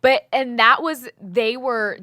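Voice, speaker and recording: Bright, animated woman on a dry mic. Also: a little high, slow, dry recording. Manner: animated, quotes others in lively voices. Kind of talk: casual podcast chat.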